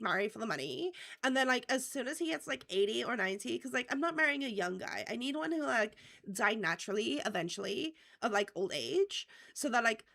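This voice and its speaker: Casting: woman doing a ditzy gold-digger girly type, nasal from a cold, high and sing-song. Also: gravelly, bright, forceful tone, heavily acted. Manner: airheaded, lots of "like", valley-girl drawl. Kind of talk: mocking improvised character bit on a livestream.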